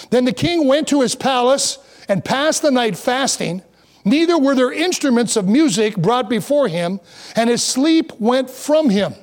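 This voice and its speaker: A man preaching a sermon in a conversational way, reading scripture aloud and breaking off for joking asides. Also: extremely high pitch. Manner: reads scripture aloud in King James wording. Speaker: pastor.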